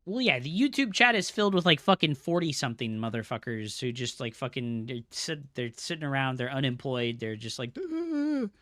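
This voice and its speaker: A man's voice: medium pitch, lively intonation, a little fast, few pauses, bright, forceful tone, no echo, clean studio sound. A man streaming a strategy game live, ranting at his chat in a profane, scolding way. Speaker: streamer and coach.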